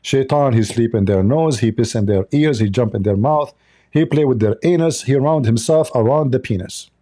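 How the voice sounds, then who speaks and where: Hosting a livestream of polemic commentary, a man speaks non-native English with a scornful, sarcastic edge. His voice is mid-range and dark, at a moderate pace.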